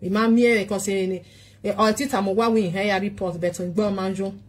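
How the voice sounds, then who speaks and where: Husky Nigerian woman pleading. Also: medium pitch, steady tone, a little fast. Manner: pleading, repeats short questions. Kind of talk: casual pleading monologue.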